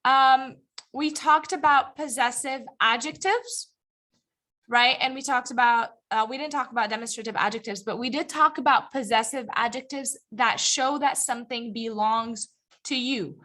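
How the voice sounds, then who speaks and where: A woman's voice: a little high, normal speed, sharp tone. A woman teaching an English grammar lesson to a live class, patiently explaining and often stopping to ask the students whether they follow. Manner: checks understanding often, asking the class questions; patient, encouraging. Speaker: ESL teacher. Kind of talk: live classroom lecture, also streamed online.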